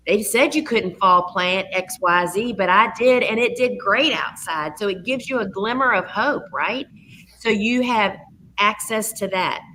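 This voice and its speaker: A woman hosting a live Q&A, chatty and enthusiastic as she pitches her online courses. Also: fairly bright tone, a little hiss or hum, low-quality recording. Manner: chatty and enthusiastic, many fillers. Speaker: course host.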